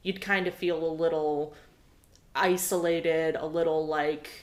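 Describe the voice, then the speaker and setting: A woman's voice: low voice, fairly even intonation, measured pace. A woman co-hosting a podcast, musing casually about a movie and often saying "you know" and "like". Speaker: podcast co-host.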